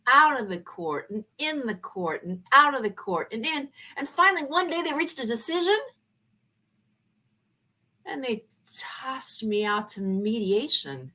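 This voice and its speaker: A woman, a former college professor, telling a personal story in an animated way and acting out the dialogue. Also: fairly high pitch, slow pace.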